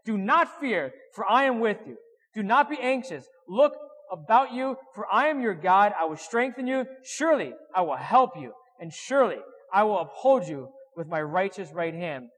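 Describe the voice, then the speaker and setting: A man preaching a sermon, animated, acting out whiny voices with sudden loud and soft turns. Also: sits high, normal speed, in a large hall, rough recording.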